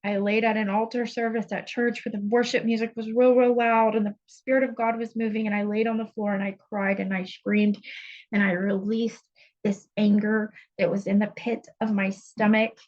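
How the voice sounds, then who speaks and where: A woman's voice: mid-range voice, flat delivery, normal speed, a little mellow, dull audio. A woman spiritual coach giving an earnest, intense, confessional teaching monologue, blunt and unafraid to swear.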